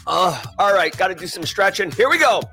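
A man's voice: high-pitched, expressive, brisk, soft background music. Hyped man hosting a livestream. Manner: hyped, shouting out viewers and places, sing-song calls. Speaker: host of a daily cybersecurity news livestream. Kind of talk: energetic livestream chat with viewers.

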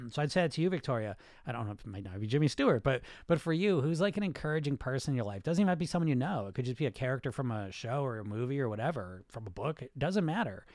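Fast-talking blunt male coach, dry sound. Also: medium pitch, sing-song, darkish tone, no echo. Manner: fast, blunt, rambling with restarts and profanity. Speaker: weight loss coach and podcast host. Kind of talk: casual coaching talk answering listener questions.

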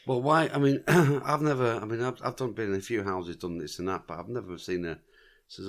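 Low-voiced blunt skeptic. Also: male voice, steady tone, a little fast. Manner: blunt and skeptical, agrees with short backchannels, swears. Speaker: podcast co-host. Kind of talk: casual chat.

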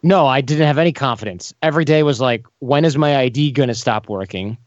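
Animated man telling stories in an interview. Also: medium pitch, fairly quick, dry recording, lo-fi sound. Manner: animated, acts out quoted voices. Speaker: podcast host as guest. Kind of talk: casual storytelling interview.

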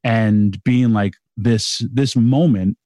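A man's voice: lowish voice, slow, warm tone, no echo, clean studio sound. A middle-aged man co-hosting a podcast, talking enthusiastically and rambling with many restarts. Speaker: podcast co-host. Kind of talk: casual chat.

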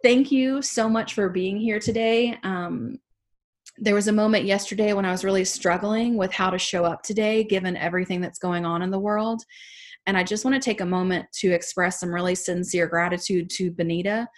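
Soft-spoken Southern woman herbalist. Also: medium pitch, fairly even intonation, moderate pace. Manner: soft, gentle, many fillers. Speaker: herbalist teacher. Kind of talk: class talk.

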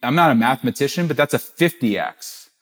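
A middle-aged man, a podcast guest, telling a business story with animated quoted dialogue. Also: mid-range voice, fairly quick. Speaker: guest, gift-giving business founder.

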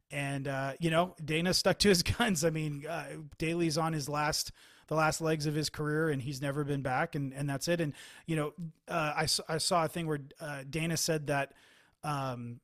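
A man co-hosts a relaxed sports talk show. He speaks in animated bursts, often restarting his sentences. His voice sits a bit high, and the recording is dry and close. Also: normal speed, no echo. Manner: animated, quotes others, many restarts. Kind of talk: casual sports chat.

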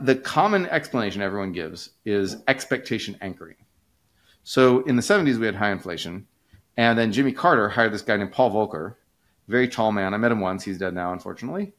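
A man co-hosting a casual podcast, explaining ideas in a rambling way with many fillers and restarts. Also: lowish voice. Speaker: podcast co-host, economist.

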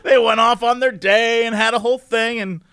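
With a very high, clear and resonant voice at a moderate pace, a man tells a long story in casual chat. He's animated, laughs often, and imitates the others in the tale, in studio-quality audio with no echo.

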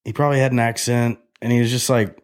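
A man casually telling a story on a podcast, animated and profane, acting out the other people in it. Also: mid-range voice, fast talker. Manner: animated, profane, acts out quotes in a loud excited voice.

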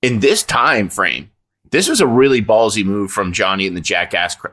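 A man with a lowish voice and a bright, forceful tone, talking in a casual podcast. He is emphatic and pushes his opinions hard, cutting in to disagree. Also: lively intonation, moderate pace. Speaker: podcast co-host. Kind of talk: casual chat reacting to a show.

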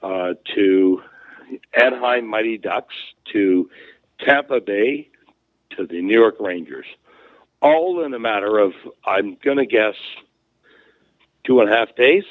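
A man's voice: lowish voice, expressive, takes it slowly, long pauses, dry recording. A man, a former hockey player, telling stories as an interview guest in a rambling way, full of fillers and restarts. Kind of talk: casual storytelling. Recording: phone-like narrow sound.

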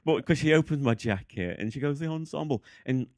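Excitable rambling man. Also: medium pitch, fairly quick, dry recording, studio quality. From England. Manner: excitable and rambling, loses his train of thought. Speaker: guest. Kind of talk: casual interview chat.

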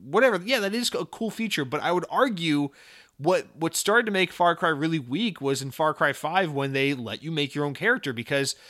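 A man's voice: a little high, lively intonation, a little fast, pushed and bright. A man hosting a casual gaming news podcast, blunt and ranting, with frequent swearing. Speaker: podcast host.

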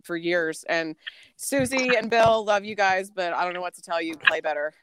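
A woman's voice: lowish voice, normal speed, a bit bright, clean tone, no room sound, poor audio. A woman guest on a casual live chat, brash and teasing, swearing freely.

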